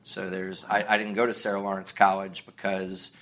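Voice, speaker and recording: A man's voice: deep voice, little pitch movement, moderate pace, a bit bright. A middle-aged American man, a podcast guest, rambling through anecdotes and acting out voices as he tells them. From United States. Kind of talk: casual podcast chat.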